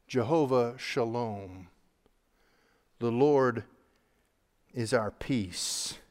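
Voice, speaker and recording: A man preaching a sermon as a pastor who teaches on the Psalms, earnest, spelling out Hebrew names letter by letter and moving between swelling emphasis and soft, slow passages. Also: medium pitch. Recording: long hall reverb.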